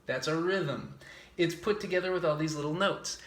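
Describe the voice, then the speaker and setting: Male music teacher, children's class, slow, bright tone, roomy echo, chants rhythms. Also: a little high. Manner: slow, patient, talks to young children, chants rhythm syllables.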